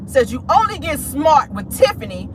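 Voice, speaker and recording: A woman hosting a casual celebrity gossip show from inside a car, sassy and animated, calling her listeners honey and girl. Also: high-pitched, moderate pace, noisy background. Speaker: host of a gossip talk show.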